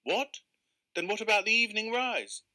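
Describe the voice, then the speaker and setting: A man voicing an excitable gentleman angler who exclaims and grows indignant. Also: fairly high pitch, moderate pace, pitched above the performer's own voice, exaggerated voice. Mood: exasperated.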